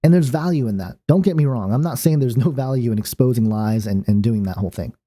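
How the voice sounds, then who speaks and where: A man's voice: mid-range voice, fast, mellow. A man hosting his own channel, talking in a loose, rambling monologue full of fillers and restarts. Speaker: channel host. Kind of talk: casual monologue.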